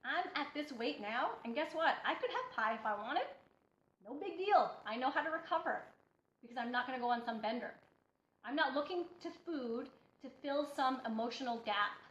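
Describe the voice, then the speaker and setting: A woman's voice: high-pitched, animated, moderate pace, a bit bright. A woman giving a blunt, preachy motivational talk as a healthy-eating coach, speaking emphatically to her viewers. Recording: echoey room, dull lo-fi sound.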